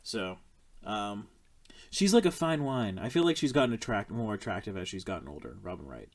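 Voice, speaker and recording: A young man hosting a podcast, chatting casually about a film in a blunt, profane, animated way. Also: lowish voice, fairly quick. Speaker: podcast host.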